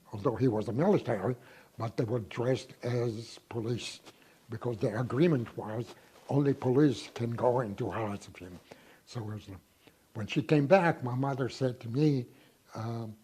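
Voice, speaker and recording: An elderly man in his nineties gives an oral history interview. His voice is mellow and very raspy. He pauses and repeats words as he recalls events. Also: mid-range voice. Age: 90s. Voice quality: very husky voice.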